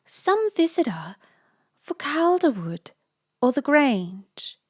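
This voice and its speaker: A woman's voice: high voice, big pitch swings, slow, pitched above the performer's own voice, heavily acted. A woman voicing a nervous elderly lady of the manor who murmurs anxiously. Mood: uneasy.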